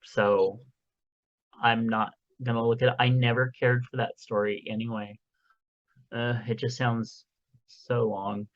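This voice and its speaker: A man's voice: medium pitch, flat delivery, measured pace, long pauses, highs cut off. A man co-hosting a podcast in casual, rambling chat, joking and trailing off with fillers, recorded at home. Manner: rambling, jokey, lots of fillers. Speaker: podcast co-host. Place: home recording room, window open.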